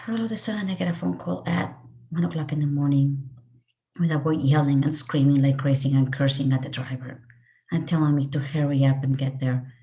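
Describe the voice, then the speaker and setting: A woman's voice: low-pitched, normal speed, warm tone. A middle-aged woman raised in Mexico telling a personal story of loss to a student audience, earnest and emotional. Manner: earnest, emotional, voice rising and falling with feeling. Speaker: speaker sharing her story.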